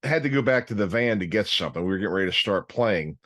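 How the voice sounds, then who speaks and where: A man hosting a casual chat and telling a relaxed, drawn-out story. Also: fairly low pitch. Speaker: host.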